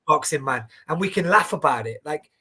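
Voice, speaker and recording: A man in his forties talks in a slightly high voice, chatting casually. He is an animated storyteller who swears freely and keeps restarting sentences. The talk stays loose and conversational throughout. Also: fairly quick, breathy edge. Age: 40s. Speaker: boxing watchalong co-host. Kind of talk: casual chat.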